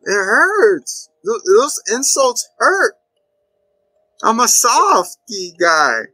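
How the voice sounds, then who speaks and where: A man's voice: very animated, very slow, bright, forceful tone, breathy edge, heavily acted. Man doing Pennywise as a whimpering crybaby clown. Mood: whimpering hurt. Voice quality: high whimpering voice. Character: whiny scared male killer clown monster, crybaby.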